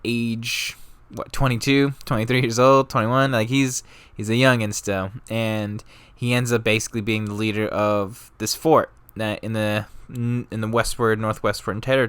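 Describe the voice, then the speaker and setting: Young man, low voice, smooth tone, casual rambling profane history narration. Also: fairly bright tone, dry recording. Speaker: history vlogger.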